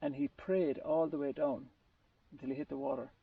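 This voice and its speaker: A man's voice: on the high side, fairly even intonation, normal speed, vocal fry, husky, no echo. A man telling a long story in a casual group talk, rambling and often restarting his sentences. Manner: rambling, searching for words with restarts. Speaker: group participant. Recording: distant muffled lo-fi recording.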